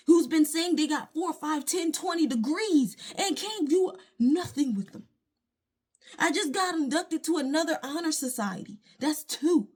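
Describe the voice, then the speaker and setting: A woman's voice: high voice, lively intonation, moderate pace, darkish tone. A woman, venting her frustration emphatically to a phone camera at home. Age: late 20s. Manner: frustrated, emphatic ranting with religious asides. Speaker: vlogger. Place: at home, indoors.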